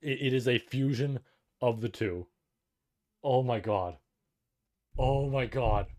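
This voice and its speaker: Guy on a reading stream totally losing it, cursing, near tears, mid pitch. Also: slow pace. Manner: overwhelmed, swearing, emotional outbursts; loud bursts of excitement. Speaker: streamer reading a light novel aloud. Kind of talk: live reading and reaction stream.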